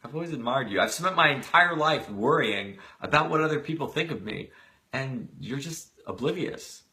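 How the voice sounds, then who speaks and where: A man's voice: mid-range voice, expressive, normal speed, pushed and bright. A man voicing an insecure grown man who earnestly confides in his brother, retelling a film scene. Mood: confiding.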